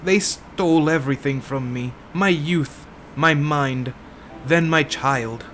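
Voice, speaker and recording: A man voicing a weary older woman who was once in a cult, in a tired, husky put-on voice with slow, somber reading. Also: fairly high pitch, a bit bright, slight background noise.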